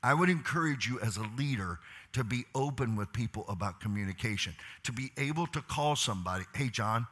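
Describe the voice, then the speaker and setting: Man, middle-aged pastor, leadership sermon, bright edge, slightly husky, rhetorical questions, soft-to-loud swings. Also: on the low side. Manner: preachy, asks the crowd questions, swings from soft asides to loud urging. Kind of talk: leadership talk to a church audience.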